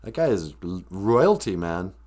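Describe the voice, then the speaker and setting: A man's voice: sits low, sing-song, measured pace, darkish tone. A man hosting a live-stream podcast, rambling through a sarcastic, mock-grumpy comedic rant. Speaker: podcast host.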